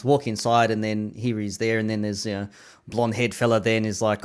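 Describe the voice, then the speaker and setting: A man's voice: on the low side, little pitch movement, fairly quick, clean tone. An Australian man in his thirties hosting a podcast, asking questions and sharing memories in a loose, laid-back way. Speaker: podcast host. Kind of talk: casual interview chat.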